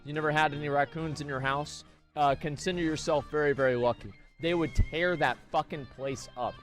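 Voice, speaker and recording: A man's voice: fairly high pitch, fairly even intonation, a little fast, faint music behind. An American man telling a long story on stream, rambling and swearing with many fillers. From United States. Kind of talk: casual storytelling.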